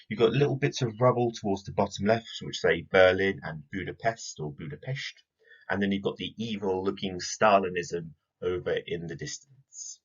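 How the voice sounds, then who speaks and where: Low husky man teaching a history lesson. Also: highs cut off. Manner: clear, explanatory, addresses pupils directly. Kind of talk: recorded video lesson.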